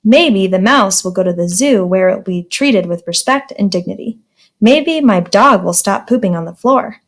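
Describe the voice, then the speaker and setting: A woman's voice: mid-range voice, expressive, moderate pace. A woman teacher reading a children's storybook aloud in a friendly, plain manner.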